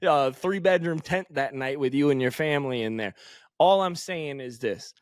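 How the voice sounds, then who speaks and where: A man's voice: mid-range voice, normal speed, no echo, clean studio sound. An American man co-hosting a podcast, ranting emphatically and swearing in opinionated casual chat. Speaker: podcast co-host. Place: podcast studio.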